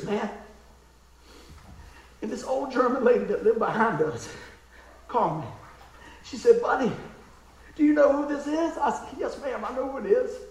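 A man preaching in a folksy, emotional storytelling style, dropping to a hush and then rising to exclaim. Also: very high-pitched, echoey room, poor audio. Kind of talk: storytelling sermon.

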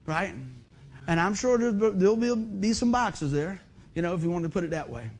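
A middle-aged man preaching a sermon in a folksy, animated way, acting out other people's voices. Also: high-pitched, normal speed. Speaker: pastor.

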